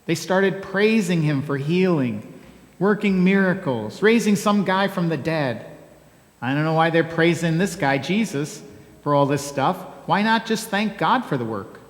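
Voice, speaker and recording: Humble old-timey donkey fella, a pastor reading him out, slow, wry little asides, echoey church hall. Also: male voice, on the high side, expressive. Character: humble plainspoken male donkey telling his story.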